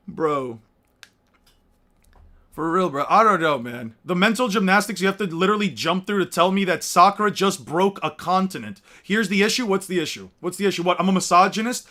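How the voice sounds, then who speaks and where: A man's voice: sits high, bright, forceful tone. A young man ranting in exasperated, profane, mocking commentary as a YouTuber.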